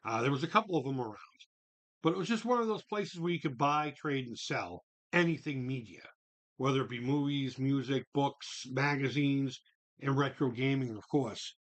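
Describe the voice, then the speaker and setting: A medium-pitched man at a moderate pace runs a casual live stream, responding to what viewers type in chat. He curses without restraint, lets out disbelieving exclamations, and rambles, backing up to restart his thoughts.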